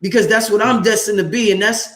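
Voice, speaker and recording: A man hosting a livestream, talking in a casual, excited and self-assured way and swearing freely. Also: high voice, quick pace, gravelly. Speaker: livestream host. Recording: roomy, echoey room sound.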